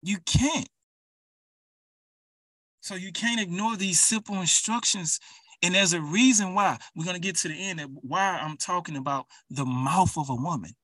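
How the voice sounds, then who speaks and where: A man's voice: high voice, normal speed, pushed and bright, no echo, far from the mic. A man preaching an urgent, emphatic sermon, speaking straight to his listeners.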